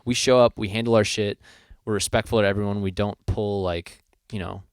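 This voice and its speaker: A man with a low voice co-hosts a relaxed podcast, telling band tour stories with lively energy and plenty of swearing. The sound is close and dry, with no room echo at all. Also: fairly quick. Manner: animated storyteller, swears freely. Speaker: podcast co-host, band member. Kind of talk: casual chat.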